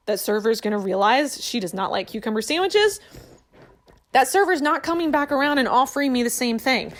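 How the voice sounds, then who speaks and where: A woman hosting a podcast, telling a personal story in a chatty, animated way with lots of fillers. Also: fairly high pitch, brisk. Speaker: podcast host. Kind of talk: casual storytelling monologue.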